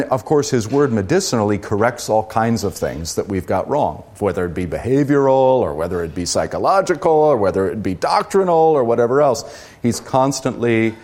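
A man's voice: lowish voice, a little mellow. A man teaching as a Lutheran pastor, talking through a book in a conversational, earnest way with emphatic rises on key words.

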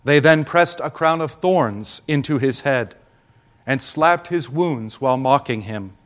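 Slow, solemn man preaching. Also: mid-range voice, lively intonation. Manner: solemn, deliberate preaching with dramatic pauses. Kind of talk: Good Friday homily.

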